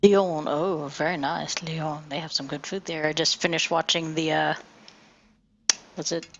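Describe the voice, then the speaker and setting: A woman's voice: deep voice, steady tone, a little slow, fairly bright tone, dull audio, slight background noise. A woman streamer chatting casually over gameplay, rambling with lots of fillers and the odd swear.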